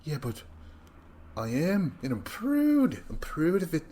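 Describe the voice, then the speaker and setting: A man's voice: a little high, huge pitch swings, slow, mellow, voice pushed up, full character voice. Man doing a proud scheming contestant, mock accent. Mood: boastful. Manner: mock accent, bad impression. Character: boastful scheming male reality contestant, proud snake.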